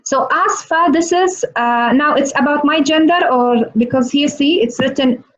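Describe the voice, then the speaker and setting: A woman teaching a live online lesson over a video call, playful and teasing, repeating words slowly. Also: high-pitched. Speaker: Arabic teacher. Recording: muffled video call audio.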